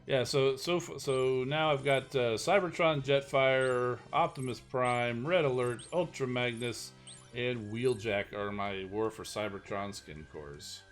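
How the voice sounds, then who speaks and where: A man's voice: mid-range voice, measured pace, faint music behind. A man streaming a mobile game live and chatting casually, rambling and self-deprecating with lots of fillers.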